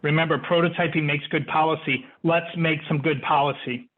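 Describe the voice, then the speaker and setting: A man's voice: a little high, fairly even intonation, a little fast, narrow, tinny audio. A man, a panel guest, finishing his point hesitantly and restarting phrases before handing over to the next speaker. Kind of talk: panel discussion remarks.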